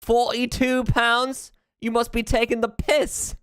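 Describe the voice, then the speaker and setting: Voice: flat delivery, takes it slowly, smooth, no room sound, clean studio sound. A streamer putting on a mock-outraged British bloke with a wobbly put-on British accent that slips toward Australian. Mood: indignant. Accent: put-on British, slipping toward Australian. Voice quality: loud, high-pitched indignation.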